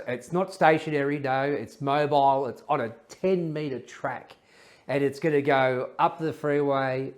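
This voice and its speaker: A man's voice: medium pitch, close to an everyday voice. An actor playing a proud male politician in a comedy sketch, boasting and tripping over repeated words. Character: pompous male politician boasting about public art. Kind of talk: satirical news sketch.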